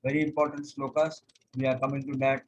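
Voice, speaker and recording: A man teaching a yoga class over a video call, explaining step by step, pausing on "okay", and chanting scripture verses slowly. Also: mid-range voice, flat delivery, dull audio. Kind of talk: online lecture.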